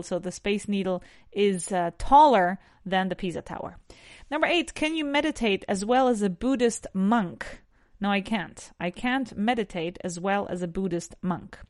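A woman's voice: mid-range voice, darkish tone, no room sound, studio quality. A woman with a Spanish accent teaching English on a podcast, asking numbered questions and answering them in full sentences.

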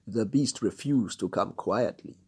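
This is a crooked police inspector in a storybook, as a man reads him, cold and menacing. He speaks low and clipped with a husky edge, issuing orders without raising his voice. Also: measured pace, darkish tone, heavily acted.

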